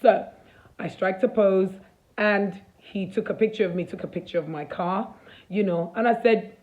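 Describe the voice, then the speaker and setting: A woman vlogger in casual storytelling mode, animated, acting out the dialogue as she goes. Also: mid-range voice, moderate pace, phone-quality sound. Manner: animated, acts out dialogue, fillers.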